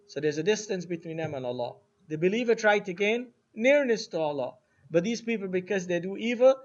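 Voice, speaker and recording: A man teaching an Arabic lesson to a class, asking questions and having students repeat words after him. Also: high voice. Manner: slow, asks students questions and has them repeat words. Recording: dull lo-fi classroom recording with faint noise.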